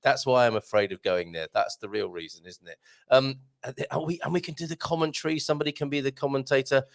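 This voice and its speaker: A man's voice: medium pitch, quick pace, creaky. A man hosting a live morning show, chatting in a jokey way and laughing often. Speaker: host. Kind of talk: casual live show chat.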